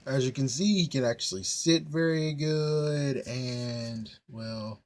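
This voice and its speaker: A man's voice: medium pitch, takes it slowly. Chatty young man reviewing a toy. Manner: chatty and rambling, many fillers and asides. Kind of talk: casual toy review vlog.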